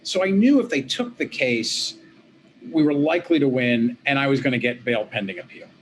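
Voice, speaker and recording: A man, a former politician and law professor, recounting events as an interview guest in a lively storytelling manner, acting out the dialogue he quotes. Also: medium pitch, normal speed, a little hiss or hum. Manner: animated, acts out quoted dialogue. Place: home office at a desk.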